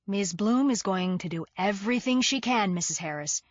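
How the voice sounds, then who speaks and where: A woman voicing a gentle man who speaks softly and firmly. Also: medium pitch, animated, normal speed, dry recording, muffled recording, close to an everyday voice. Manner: gentle, soft. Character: gentle, low-voiced man.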